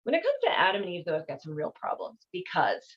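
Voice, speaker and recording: A woman's voice: on the low side, wildly swooping pitch, fast talker. A woman hosting a show, talking in a chatty, irreverent way with lots of fillers. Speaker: host. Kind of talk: casual commentary. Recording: slightly dull lo-fi audio.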